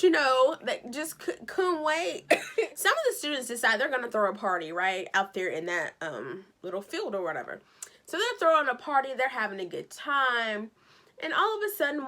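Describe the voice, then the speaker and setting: A woman giving a casual, chatty recap of a TV episode, telling it with sass and acting out the characters' lines. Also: fairly high pitch. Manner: animated, sassy storytelling with acted-out quotes. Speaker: show recap vlogger.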